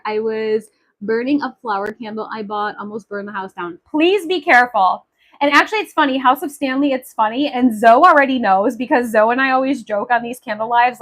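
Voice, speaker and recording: A woman's voice: fairly high pitch, a bit bright, low-quality recording. Chatty, upbeat woman livestream host. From Maui, Hawaii. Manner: chatty, enthusiastic, many fillers. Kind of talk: casual livestream chat.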